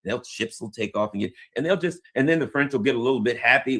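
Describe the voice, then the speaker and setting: A man giving casual, jokey news commentary in an animated, slangy way. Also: mid-range voice, fast talker, husky.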